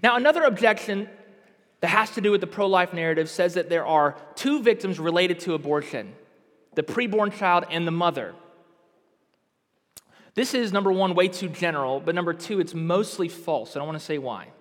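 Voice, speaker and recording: A man's voice: sits high, lively intonation, normal speed, a bit bright, in a large hall. A man preaching a sermon with impassioned, emphatic delivery that rises to outbursts.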